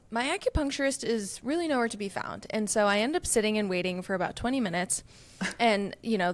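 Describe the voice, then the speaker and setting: A young woman co-hosting a casual chat podcast, telling a story with lively acted-out quotes. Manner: animated storyteller, acts out quoted people with pitch jumps. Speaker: podcast co-host.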